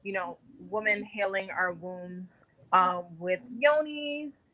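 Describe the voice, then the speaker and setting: A woman's voice: medium pitch, animated, slow pace, bright, forceful tone, low-quality recording. A woman giving a casual radio interview as an actress and guest, talkative with many filler words.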